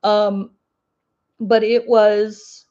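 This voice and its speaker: A woman's voice: medium pitch, level tone, extremely slow, dark tone. Woman host with an Ozark twang, mid-range voice, rambling casual livestream chatter, slightly muffled lo-fi audio. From Ozark Mountains, US. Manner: chatty and rambling, with many fillers and laughs. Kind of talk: casual livestream chat answering viewer comments.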